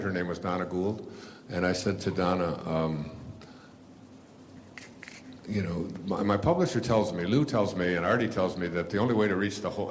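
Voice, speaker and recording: A man's voice: deep voice, a little hiss or hum. An older man, an author telling a rambling story to an audience, full of fillers and restarts. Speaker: author and speaker.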